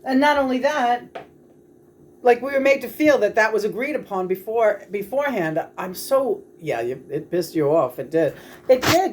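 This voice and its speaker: A woman's voice: on the high side, expressive, normal speed. A woman vlogging casually at home, launching into heated, profane rants. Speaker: self-described channeler and vlogger. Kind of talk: casual spoken vlog.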